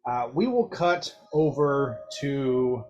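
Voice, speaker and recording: A man's voice: mid-range voice, animated, takes it slowly, lo-fi sound, background noise. A man narrating a tabletop game as game master, chatty and descriptive, with fillers and light laughter between lines.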